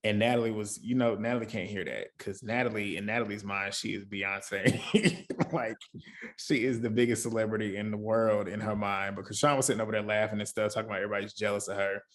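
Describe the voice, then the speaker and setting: A man hosting a casual reality TV review chat, talking in an animated, gossipy way, laughing often and mimicking the cast. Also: on the low side, fast. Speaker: host.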